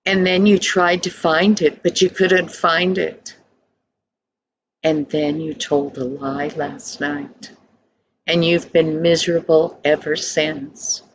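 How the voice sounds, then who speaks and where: An older woman voicing a kind, wise father who speaks calmly and questions gently. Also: low voice, slow, slight background noise, rough recording. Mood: gentle.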